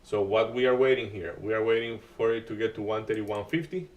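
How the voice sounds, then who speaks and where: A man's voice: fairly low pitch, far from the mic. Man talking through live trades. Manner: halting, restarts often, non-native grammar. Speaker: day trading stream host. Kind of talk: live market commentary.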